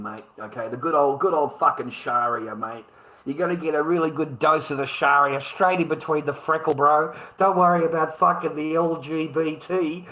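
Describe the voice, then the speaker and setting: An Australian man's fairly high, bright voice carries a forceful tone through a repetitive, profanity-laced rant. He stammers as he starts his sentences over, heard on a low-quality recording.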